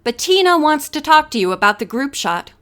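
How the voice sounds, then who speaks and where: Smooth polite PR guy around thirty read by a lady narrator. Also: sits high, sing-song, fairly quick, a bit bright. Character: courteous man of about thirty, PR agent.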